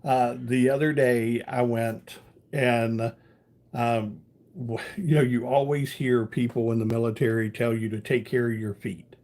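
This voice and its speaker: A man's voice: medium pitch, level tone, a little slow, a little mellow. A man hosting a casual live stream, reading out viewer comments and telling a rambling story, with a lot of "you know" along the way.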